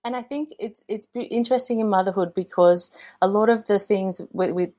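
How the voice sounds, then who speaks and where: Earnest mum. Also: female voice, mid-range voice, a little fast, mellow. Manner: earnest, many restarts and fillers. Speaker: podcast guest. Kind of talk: conversational interview.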